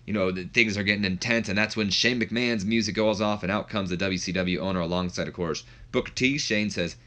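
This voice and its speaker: A man's voice: on the low side, fairly even intonation, brisk, hardly any pauses, fairly bright tone. A man hosting a gaming video, recapping a match in a rambling way full of fillers. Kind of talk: casual game commentary.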